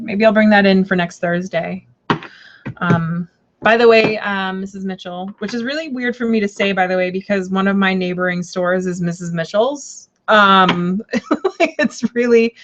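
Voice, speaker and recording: A woman's voice: lowish voice, a bit bright. A woman hosting a casual live tarot stream, rambling and chatty with lots of fillers and restarts. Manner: rambling, chatty, full of fillers and self-corrections. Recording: dull lo-fi stream audio.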